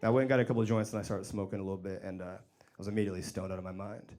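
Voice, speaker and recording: A man telling a story on a comedy club stage, rising into loud excitement as he acts out the people in it. He swears freely and the audience laughs along. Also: deep voice, rapid-fire. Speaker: stand-up comedian. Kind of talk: stand-up set.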